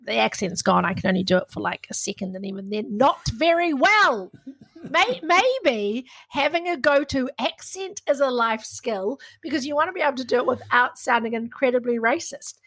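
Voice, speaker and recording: A middle-aged woman with a New Zealand accent, co-hosting a casual podcast chat in a lively, joking way. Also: high-pitched. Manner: lively, joking, quick to tease. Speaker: podcast co-host.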